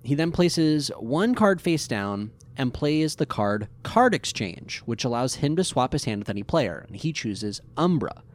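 A man co-hosting a podcast, casually recapping an episode in an animated, rambling way with fillers. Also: medium pitch, measured pace, hardly any pauses.

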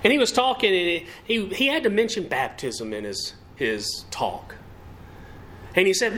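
A man's voice: high voice, lively intonation, a little slow, fairly bright tone, slight background noise. A man preaching a sermon with emphasis and rhetorical questions. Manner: emphatic, rising and falling delivery with rhetorical questions.

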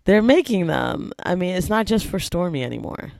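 Gravelly-voiced woman, laughing casual chat. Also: lowish voice, sing-song, normal speed, a little mellow. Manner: laughs often, wry and chatty. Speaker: co-host.

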